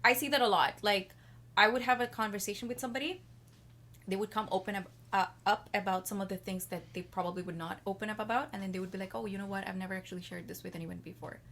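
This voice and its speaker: Woman guest, confident and chatty, drifts through long answers at an average pitch. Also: steady tone, quick pace, fairly bright tone. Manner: rambling, frequent "like" fillers; self-assured, talks about herself at length. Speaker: podcast guest. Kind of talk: casual chat.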